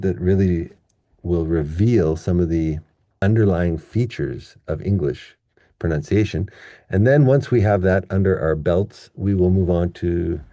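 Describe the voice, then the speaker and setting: A man teaching English pronunciation in an online lesson, patiently explaining step by step and slowing down to demonstrate how words are stressed. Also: sits low, warm tone, no room sound, clean studio sound.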